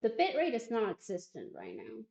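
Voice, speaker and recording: A woman's voice: on the high side, huge pitch swings, moderate pace, gravelly, a little mellow. A woman streamer chatting casually in a rambling, self-deprecating, wry way. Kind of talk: casual livestream chat. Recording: roomy, muffled stream audio.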